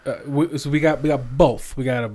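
Young male podcast co-host, casual and crude, deadpan humor, laughs often. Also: medium pitch, fairly quick. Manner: laughing, profane, deadpan jokes. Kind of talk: casual banter.

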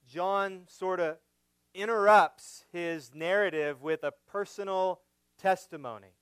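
A man preaching an expository sermon, building to emphatic, louder points as he drives home his argument. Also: sits high, clean tone, no echo. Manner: slow, emphatic preaching that rises when stressing a point. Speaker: pastor.

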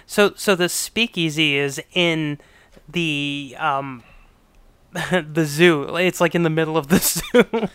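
Bright, crisp man talking movies. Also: fairly high pitch, slow, no room sound. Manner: enthusiastic, laughs while talking. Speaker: podcast co-host. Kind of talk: casual film discussion.

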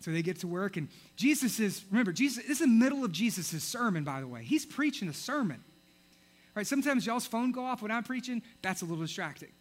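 A young man preaching a sermon, telling a story in an animated way and acting out the characters. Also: sits high, brisk. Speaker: pastor.

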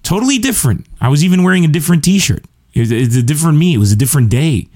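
A man with a rather high, animated, darkish voice races through a casual comedic monologue on his own podcast. He talks straight to listeners, rambling, chatty, and quick to mock himself.

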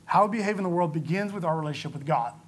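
A man's voice: fairly high pitch, racing, slightly rough. A man teaching a Bible study in a conversational, explanatory way, often checking in with his listeners. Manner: conversational, explanatory, frequent "okay?" check-ins.

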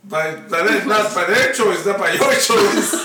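A man's voice: sits high, lively intonation, unhurried, distant mic. A man in joking casual chat, teasing crudely and tossing in Spanish slang. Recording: echoey room, off-mic, faint noise.

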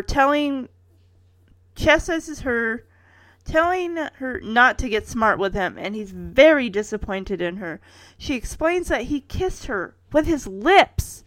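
Woman, thirties, casual recap host, animated and wry, chuckles through asides. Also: on the high side, no room sound. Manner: wry personal asides, chuckling while narrating. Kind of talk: casual episode recap narration.

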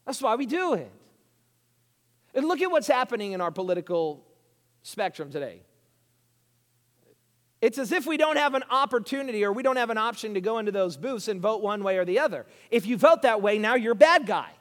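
High-voiced preacher in an echoing hall. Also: male voice, brisk, pauses often. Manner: animated, swinging between hushed asides and loud emphatic lines. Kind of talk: sermon. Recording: reverberant hall.

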